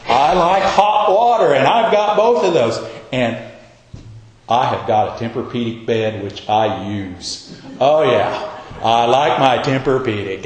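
Folksy male preacher in echoey hall. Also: fairly high pitch. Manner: folksy, humorous storytelling. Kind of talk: sermon.

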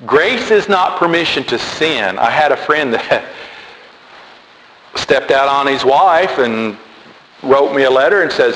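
A man preaching a sermon, animated and emphatic, repeating key words. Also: mid-range voice, slow pace, pauses often. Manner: animated, repetitive emphatic delivery. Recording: echoey hall with faint noise.

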